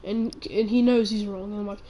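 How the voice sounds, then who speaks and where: Rambling indignant teen girl, flat voice. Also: medium pitch, a little fast, rough recording. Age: teens. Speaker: channel owner. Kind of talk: ranting vlog.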